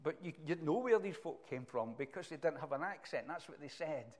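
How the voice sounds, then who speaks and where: A middle-aged Scottish man preaching a sermon, emphatic and animated, swinging between loud bursts and quiet asides. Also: fairly high pitch, fairly quick. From Scotland.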